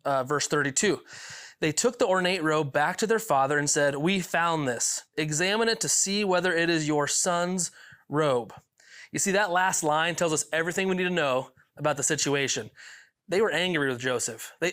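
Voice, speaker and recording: A man's voice: fairly high pitch, a bit bright. A man preaching a youth sermon, reading Bible passages and adding lighthearted asides with small chuckles and repeated words. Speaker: youth pastor.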